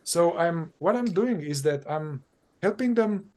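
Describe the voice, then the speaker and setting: A male psychotherapist with a somewhat higher voice for a man talks in an unscripted, conversational way. He is animated, thinking aloud and circling back through repeated phrases as he explains his methods. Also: measured pace, noisy background. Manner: animated, acts out exchanges with clients. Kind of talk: conversational dialogue on spiritual practice.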